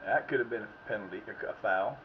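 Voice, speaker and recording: A man's voice: lowish voice, brisk. A man streaming a soccer video game, chatting casually and rambling to himself between reactions to the plays. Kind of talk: casual live-stream commentary. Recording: slightly muffled with faint background noise.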